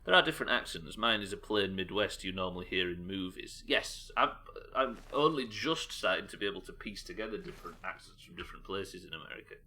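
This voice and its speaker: British male streamer, low-pitched and bright, loose chatty delivery, keeps interrupting himself. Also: lively intonation, fairly quick, a little hiss or hum. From United Kingdom. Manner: chatty, reads chat aloud, self-interrupting. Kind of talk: casual live-stream chat while gaming.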